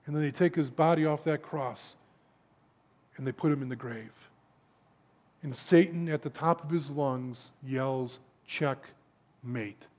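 A man with a notably high voice preaches to a room of men. He tells his stories in a rush of stammered repeats, then sinks to a hushed, low delivery on the key words. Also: measured pace, long pauses. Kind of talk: sermon to a men's gathering.

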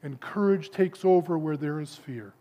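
A man with a notably high voice preaches to a room of men. He tells his stories in a rush of stammered repeats, then sinks to a hushed, low delivery on the key words. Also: normal speed, highs cut off. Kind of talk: sermon to a men's gathering.

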